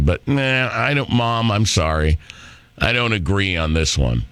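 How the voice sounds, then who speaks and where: Brash talk radio host, deep and lively. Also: male voice, normal speed, smooth, dry recording. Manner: brash, sarcastic, rambling. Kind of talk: opinionated talk radio monologue. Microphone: studio microphone.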